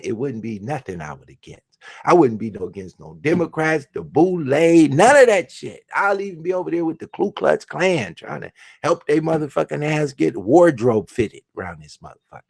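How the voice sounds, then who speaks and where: Man, host, profane mocking rant, gravelly voice, very lively pitch. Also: normal speed. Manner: crude, mocking, swings between shouts and mutters. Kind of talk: profane ranting monologue.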